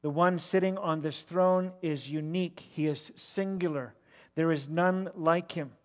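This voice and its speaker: A man preaching an expository sermon, emphatic and rising to loud declamation when he repeats words. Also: a little high, steady tone, measured pace. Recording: long reverb of a large hall.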